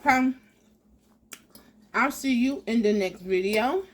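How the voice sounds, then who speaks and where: A woman hosting a casual home cooking vlog, talking in a relaxed way with lots of ums. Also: on the high side, takes it slowly. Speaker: cooking vlogger.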